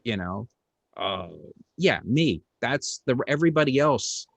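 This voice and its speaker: A man's voice: medium pitch, lively intonation, unhurried, creaky, a bit bright, no echo. A middle-aged man, a comedian hosting an interview, telling a story in a casual, rambling way with lots of fillers, restarts and blunt, crude words.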